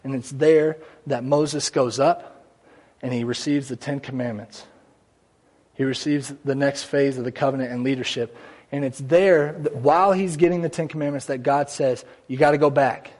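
A man's voice: mid-range voice, fairly even intonation, normal speed, darkish tone. A man preaching a conversational church sermon, with asides and small jokes along the way. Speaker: pastor. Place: church sanctuary.

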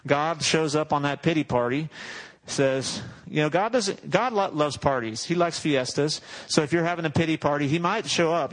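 A man's voice: mid-range voice, low-quality recording. A male pastor preaching a sermon in a conversational, joking way, often correcting himself mid-sentence.

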